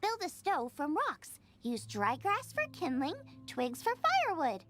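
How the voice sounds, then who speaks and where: A woman's voice: sits high, huge pitch swings, a little slow, full character voice. An actress voicing a cheerful, adventurous young female chef who talks in a bubbly, eager, chatty way. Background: game music.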